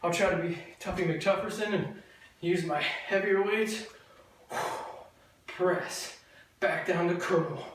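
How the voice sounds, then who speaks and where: A female fitness instructor with a fairly low voice coaches a workout as she does it, speaking slowly with frequent pauses. She's upbeat, chatty and joking while cueing each move, recorded from a distant mic in a very echoey, noticeably noisy room.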